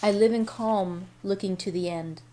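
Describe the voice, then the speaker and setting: A gentle, pious young schoolgirl speaks with quiet conviction, as a woman reads her lines. The delivery is measured and earnest, a storybook reading at a mid pitch. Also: fairly even intonation, natural voice.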